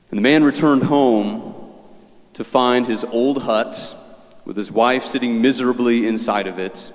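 A male preacher retells a story in a relaxed, conversational homily. His voice sits at an ordinary pitch for a man. A long church reverb hangs behind every phrase. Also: measured pace. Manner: conversational, folksy.

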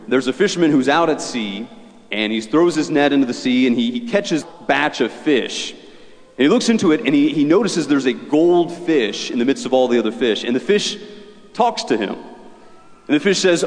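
A man's voice: mid-range voice, in a large hall. A man preaching a homily in a church, retelling a fairy tale in a conversational, folksy way. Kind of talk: homily storytelling.

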